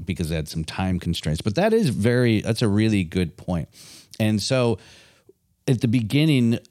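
A man co-hosting a casual podcast chat, animated and loose, swearing freely and acting out quotes. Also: fairly low pitch, normal speed, dry recording, studio quality. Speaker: podcast co-host.

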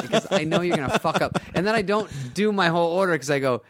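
A middle-aged man telling comic stories in casual podcast chat, wry and sarcastic, quickly acting out the other people in his stories. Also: on the high side, animated. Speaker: podcast guest, comedian.

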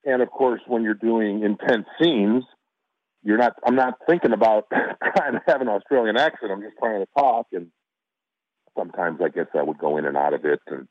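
A middle-aged man from Chicago, an actor guest telling stories in a relaxed, casual interview, often restarting his sentences. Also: on the low side, moderate pace, no room sound. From Chicago, USA. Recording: dry, phone-like line.

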